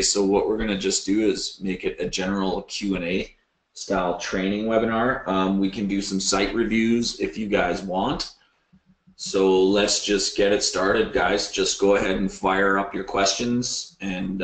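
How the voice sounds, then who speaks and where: Casting: male co-host with a very low voice, laid-back explainer, echoey room. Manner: relaxed, plain explaining with fillers. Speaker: webinar co-host. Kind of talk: casual Q&A webinar talk.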